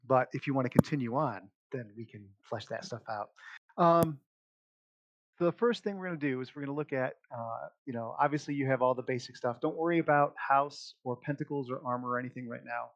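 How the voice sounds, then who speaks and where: A man's voice: medium pitch, fairly quick, no echo, muffled recording. A man acting as game master, casually explaining character creation and rules with lots of fillers and laughs. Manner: relaxed, chatty, many fillers, laughs often.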